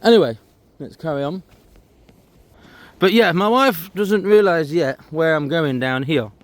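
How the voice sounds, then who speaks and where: With a measured pace and a voice on the high side, a man narrates his walk outdoors in a chatty way. The recording is dry, and he points out sights on a disused railway trail as a walking vlogger.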